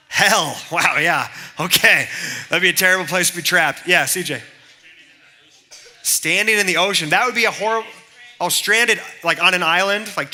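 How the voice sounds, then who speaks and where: A man's voice: high-pitched, pushed and bright. A man in his thirties giving a casual youth sermon, telling personal stories in a chatty way and calling on the audience for answers. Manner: chatty, storytelling, calls on the audience.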